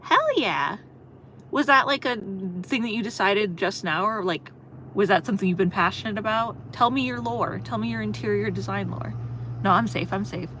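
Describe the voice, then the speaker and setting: A woman's voice: medium pitch, animated, normal speed, bright, forceful tone, a little hiss or hum. A young woman on a livestream, chatting casually, reading chat and telling a long story with frequent laughs. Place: in a car on a road trip.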